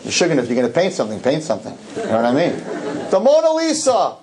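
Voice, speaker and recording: A man talks to a live audience in a hall and tells his story with jokes and rapid-fire asides. He keeps doubling back on his words for emphasis. His pitch is middling, with a faint hiss underneath. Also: crowd noise. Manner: animated, joking, rapid-fire asides and repetitions. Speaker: rabbi giving a public talk.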